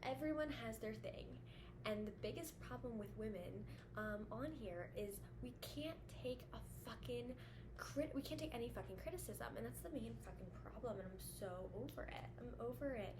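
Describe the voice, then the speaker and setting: A young woman with a fairly high voice talks straight to her camera at home, blunt and casual, swearing freely between fillers. An air conditioner hum runs clearly under her voice. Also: animated, moderate pace. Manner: blunt, swears a lot, chatty with many fillers. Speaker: vlogger giving dating advice to women. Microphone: camera facing her. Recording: audible background hum at home.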